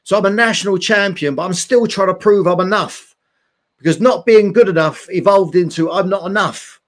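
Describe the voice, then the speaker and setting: A man's voice: high-pitched, normal speed. A man, a former boxer, earnestly telling his life story in an interview. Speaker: guest, former boxing champion.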